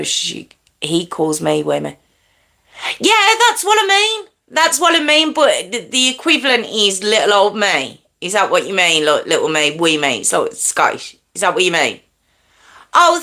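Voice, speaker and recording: A woman hosting a true crime livestream, chatting casually with viewers and reading their comments, her voice jumping up in pitch when she teases them. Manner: chatty, warm to viewers, quick pitch jumps when teasing.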